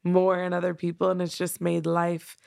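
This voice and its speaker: A young woman hosting a casual podcast, her voice carrying a gravelly fry. She talks in a laid-back, giggly way and often acts out her own past thoughts as quotes. The sound is dry and close. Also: fairly low pitch, monotone, moderate pace, darkish tone, no echo. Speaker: podcast host. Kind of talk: casual conversation.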